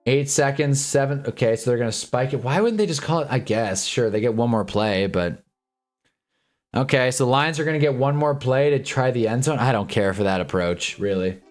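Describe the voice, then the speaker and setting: A man's voice: mid-range voice, lively intonation, normal speed, faint music behind. Tired, laid-back young man commentating football. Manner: laid-back, rambling, sarcastic asides, frequent "whatever" and "anyway". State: tired, yawning. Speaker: football watch-along streamer. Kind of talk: casual live game commentary.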